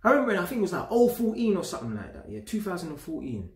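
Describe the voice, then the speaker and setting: A man's voice: sits high, sing-song, racing. Blunt swearing London man, echoey room. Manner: blunt, swearing, street slang, heated. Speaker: vlogger. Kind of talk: casual rant to camera.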